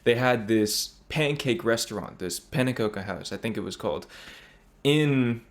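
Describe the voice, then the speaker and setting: A man's voice: medium pitch, normal speed. An American man hosting a reaction video, talking through his thoughts in a chatty, reflective way. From United States. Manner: chatty, reflective, thinking aloud. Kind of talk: casual commentary.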